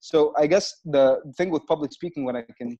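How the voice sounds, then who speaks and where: A man's voice: on the high side, brisk. A man from Egypt, a comedian, chatting in an interview and acting out his stage routine with lots of swearing. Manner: animated storyteller, acts out his stage bits, swears freely. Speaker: comedian guest. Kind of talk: casual interview chat. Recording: muffled lo-fi video call audio.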